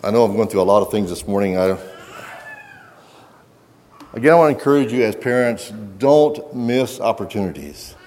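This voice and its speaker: A man's voice: lowish voice, expressive, moderate pace, long pauses, darkish tone, slight background noise. A middle-aged man preaching a sermon in an earnest manner, often restarting his sentences and reading passages aloud from a book. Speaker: pastor.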